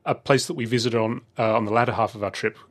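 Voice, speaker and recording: A man's voice: medium pitch, fairly even intonation, quick pace. A middle-aged man telling a travel story in casual chat, rambling with many fillers and restarts.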